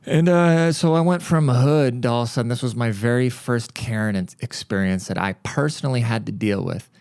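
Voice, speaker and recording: A man's voice: mid-range voice, brisk, gravelly, darkish tone, clear, resonant tone, dry recording. A man hosting a podcast, telling stories in a blunt, profane, casual rant. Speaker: podcast host.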